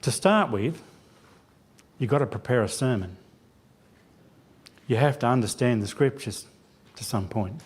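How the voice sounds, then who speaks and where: A man's voice: medium pitch, expressive, unhurried, pauses often, breathy edge. A man giving a church sermon as a lay preacher, telling a self-deprecating personal story with quoted dialogue. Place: church sanctuary.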